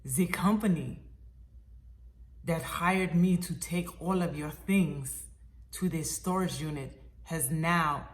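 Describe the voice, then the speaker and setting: A woman doing a calm Russian-accented man. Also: fairly high pitch, takes it slowly, voice pushed down. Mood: calm, earnest. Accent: put-on Russian.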